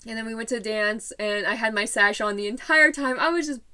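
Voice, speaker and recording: A woman's voice: on the high side, fairly quick, bright, forceful tone. A teenage girl telling a story in a casual vlog, bubbly and rambling with lots of fillers. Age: late teens.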